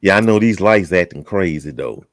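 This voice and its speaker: A very deep-voiced man hosts a relaxed chat show, greeting people with folksy teasing. His voice swings up and down a lot, and the sound is dry and close. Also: moderate pace, no echo. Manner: folksy, teasing, drawling southern talk. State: out of breath. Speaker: host. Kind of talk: casual chat show welcome.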